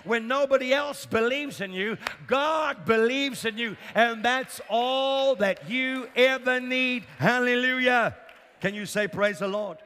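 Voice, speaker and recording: High-voiced preacher in a reverberant hall. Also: male voice, slow pace, bright, forceful tone. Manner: emphatic, repeats lines for effect, calls for audience responses. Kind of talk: sermon. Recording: long reverb of a large hall.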